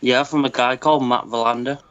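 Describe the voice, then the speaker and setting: A man's voice: mid-range voice, fairly even intonation, fairly quick, a bit bright. A man calling into a sports talk live stream, chatting casually, laughing and swearing. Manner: laughing, swearing, mock play-by-play calls. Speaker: caller. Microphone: internet call. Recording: dull lo-fi call audio.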